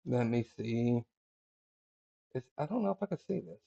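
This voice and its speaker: A middle-aged man hosting a casual podcast chat, talking in an animated way, laughing often and restarting his sentences. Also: mid-range voice, moderate pace, vocal fry, dull audio. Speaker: podcast host.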